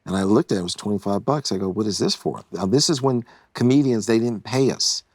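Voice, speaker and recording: Low-voiced man telling a story. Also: quick pace, no room sound, clean studio sound. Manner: animated storyteller, acts out quotes. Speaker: guest. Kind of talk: casual storytelling.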